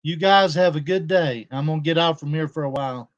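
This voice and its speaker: A man's voice: fairly high pitch, fairly quick, muffled recording. A man talking casually to viewers on a livestream, aggrieved and confrontational as he addresses a rival and his audience. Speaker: YouTube livestreamer.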